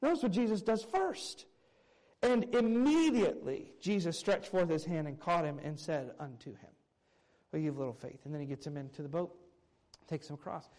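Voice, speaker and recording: Man preacher, high voice, animated expository sermon that swings from raised points to soft asides. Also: moderate pace, poor audio. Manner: earnest expository preaching, reading scripture aloud; animated, swinging between raised emphasis and quiet low asides. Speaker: pastor.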